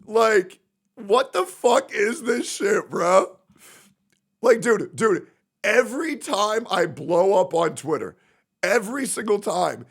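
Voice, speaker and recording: A man's voice: high-pitched, big pitch swings, measured pace, creaky, slightly rough. A man livestreaming, ranting in a profane, sarcastic way. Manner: profane, sarcastic, acts out mocking impressions. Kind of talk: livestream rant.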